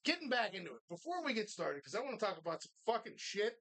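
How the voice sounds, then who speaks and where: A man's voice: sits high, sing-song, fast talker, fairly bright tone. Profane rambling male podcast host. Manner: profane, rambling, reads sponsors jokingly. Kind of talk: crude casual banter.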